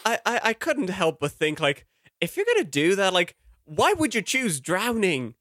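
A man's voice: sits high, wildly swooping pitch, normal speed, fairly bright tone, no echo, clean studio sound. A man co-hosting a podcast, chatting about films with wry asides and hesitant restarts. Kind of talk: casual film discussion.

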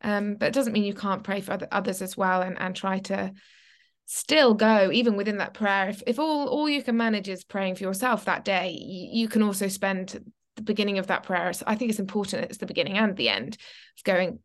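A young woman with a mid-range voice speaks briskly as co-host of a casual Christian chat podcast. She tells stories animatedly and acts out her own reactions.

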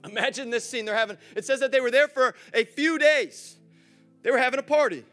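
Brief: high-pitched male pastor, casual and lively, faint music behind. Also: brisk. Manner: animated, chatty, acts out scenes, asks the room questions. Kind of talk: sermon. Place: church.

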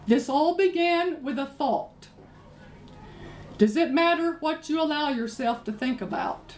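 Woman preacher, high lively voice, slow emphatic sermon, roomy echo. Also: a little hiss or hum. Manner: animated storytelling, emphatic. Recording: roomy echo, faint ambience.

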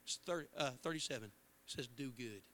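A male pastor preaching a passionate sermon in a church, moving from hushed words to shouts, with a Midwestern American accent. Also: mid-range voice, normal speed. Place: church sanctuary.

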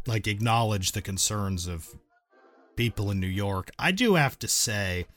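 A man's voice: fairly low pitch, expressive, unhurried, a bit bright, no echo, faint music behind. A man co-hosting a podcast, making wry joking remarks while sick and coughing. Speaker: podcast co-host. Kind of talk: casual podcast chat. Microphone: close mic, remote call.

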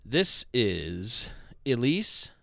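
A man hosting a podcast in relaxed, rambling chat. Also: mid-range voice, drawn-out words, vocal fry, no echo, studio quality. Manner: relaxed, rambling, with fillers and self-corrections. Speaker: podcast host.

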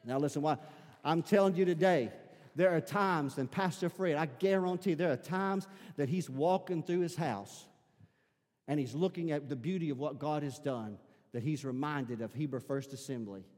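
An Arkansas pastor with a squeaky, fairly high voice, preaching a sermon in a church. He moves between shouted fervor and quiet confiding. The sound carries a long hall reverb. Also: moderate pace. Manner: swings from shouted preaching to quiet, intimate talk. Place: church sanctuary.

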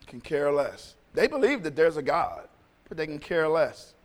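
A man's voice: on the high side, big pitch swings, normal speed, big-room sound. A male pastor preaching a sermon in a conversational, storytelling way, often repeating phrases.

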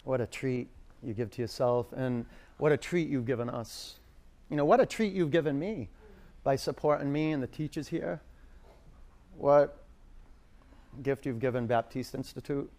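A man's voice: mid-range voice, dark tone. A man teaching a power yoga class in a studio, calling out counts and cues and telling rambling stories between poses.

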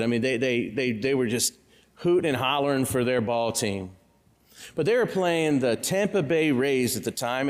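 A male pastor giving a sermon, telling stories with humor and talking directly to the congregation. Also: mid-range voice. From Central Illinois. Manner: storytelling with humor, conversational asides to the congregation. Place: church. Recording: long hall reverb in a church.

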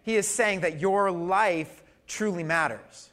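Guy preaching at church, kinda high voice, gets loud then drops quiet, chatty with the crowd. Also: slow pace. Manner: animated, swings from loud emphasis to soft asides; conversational, with fillers and audience questions. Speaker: pastor. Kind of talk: sermon. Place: church service.

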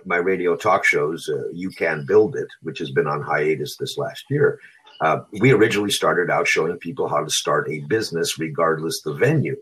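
A middle-aged radio talk show host with a very low, deep voice rambles on encouragingly, filling gaps with ums and restarts. His tone is heavily husky and breathy, with a rough grain throughout. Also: normal speed, a bit bright, rough recording. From California. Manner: encouraging, rambling, many fillers. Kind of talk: casual chat.

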